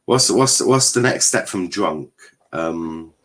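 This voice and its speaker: A man's voice: deep voice, animated, slow, fairly bright tone. A young man, casually commentating a live football watchalong, swearing, joking and reading chat aloud. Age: young adult. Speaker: watchalong streamer.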